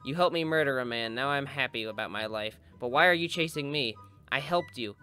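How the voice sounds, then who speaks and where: A man's voice: medium pitch, brisk, sharp tone, clear, resonant tone, faint music behind. A young man giving comedic, sarcastic commentary over his own gameplay with goofy mock-villain asides. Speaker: gaming video host.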